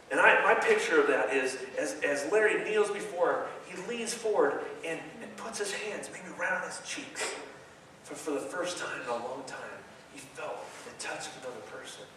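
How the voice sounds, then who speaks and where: An animated preacher retells a story with jokes and bursts of exclamation. His pitch sits high and bright and swings widely. The sound rings through a vast stadium, picked up from a distance with a faint background hum. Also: moderate pace. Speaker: youth preacher. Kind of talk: lively sermon storytelling. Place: large stadium. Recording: echoey stadium from far off.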